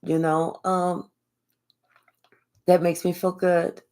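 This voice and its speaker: Slow-talking older woman reading live. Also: fairly low pitch, smooth. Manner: slow, relaxed, affectionate, thanks viewers by name. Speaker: spiritual reader hosting a live stream. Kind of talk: casual live-stream chat.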